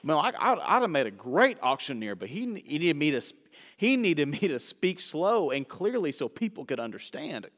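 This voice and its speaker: Man, sermon, fast talker slowing for emphasis, loud bursts and hushed asides, echoey church hall. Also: a little high, sing-song. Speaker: preacher. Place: church sanctuary.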